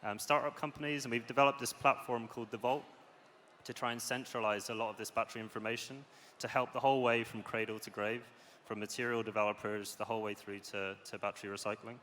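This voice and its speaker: A man giving a short startup pitch on a conference stage, relaxed, with frequent "um"s. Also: fast. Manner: relaxed, filler-laden delivery. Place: large conference hall. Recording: hall reverb, faint background noise.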